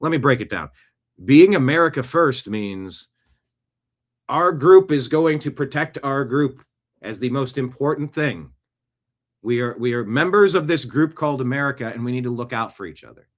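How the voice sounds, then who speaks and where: A man's voice: medium pitch, animated, moderate pace. A man hosting a political commentary show in a sarcastic, rambling, jokey monologue. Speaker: show host.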